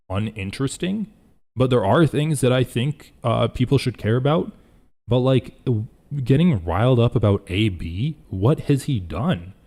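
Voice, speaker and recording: A man's voice: on the low side, darkish tone. A young man hosting a casual live reaction stream, rambling and thinking aloud as he reads chat.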